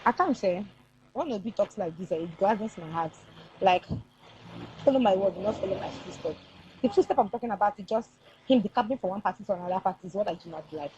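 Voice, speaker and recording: A woman commenting in the studio in an exasperated, expressive way. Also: mid-range voice, fast talker, lo-fi sound, slight background noise.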